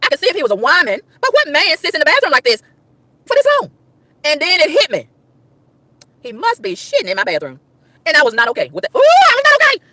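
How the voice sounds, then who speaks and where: Exasperated woman ranting fast and high. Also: wildly swooping pitch, sharp tone, no room sound. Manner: exasperated, exclaiming, repeating lines for emphasis. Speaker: vlogger. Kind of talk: animated storytelling rant.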